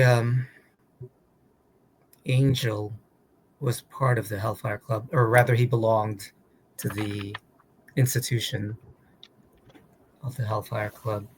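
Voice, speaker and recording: A man in casual chat, thinking aloud about story ideas in a thoughtful, pausing way. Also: lowish voice, a little hiss or hum.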